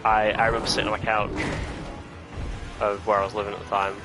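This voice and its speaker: Young male streamer, rambly and casual, slightly low voice over game music. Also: completely flat delivery, fast. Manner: rambling, chatty, nostalgic, filler-heavy. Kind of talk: casual gaming stream commentary.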